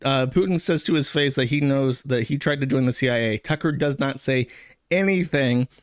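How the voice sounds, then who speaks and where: A man's voice: mid-range voice, normal speed, clear, resonant tone, no room sound, studio quality. A man giving casual, sarcastic commentary, rambling and crude. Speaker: streamer commentator.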